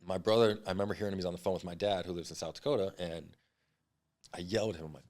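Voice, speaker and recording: Man in his 30s, deep voice, rapid blunt storytelling, swears a lot, interview guest. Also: steady tone, a little mellow. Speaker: podcast guest.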